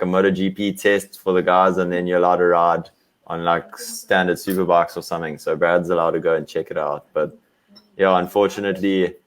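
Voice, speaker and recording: Deep-voiced laid-back young racer. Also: male voice. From South Africa. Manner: easygoing, laughs often, filler-heavy. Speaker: guest, racer. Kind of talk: casual video-call interview.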